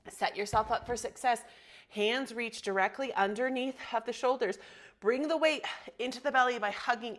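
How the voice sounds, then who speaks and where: A woman teaching a yoga class, cueing poses and breath with encouraging, motivational talk and spoken affirmations. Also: a little high. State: slight frog in her throat. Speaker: yoga instructor. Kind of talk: guided yoga class instruction.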